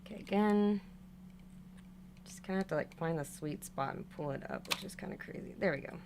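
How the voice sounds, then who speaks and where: A woman's voice: lowish voice, brisk, background noise. A young woman chatting casually on a livestream as she works on a doll, narrating each step and breaking into frustrated exclamations. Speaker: doll hobby vlogger. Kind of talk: casual livestream chat while restringing a doll.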